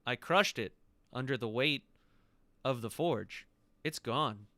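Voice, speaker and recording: A haughty male emerald dragon of a tabletop game, a master hunter who talks down to intruders and threatens them without raising a fuss, as a man puts him on. The voice is bright and smooth, recorded close and dry with no room around it. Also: medium pitch, lively intonation, slow pace, no room sound, full character voice. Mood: cold. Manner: condescending and coolly threatening. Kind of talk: game master voicing a character.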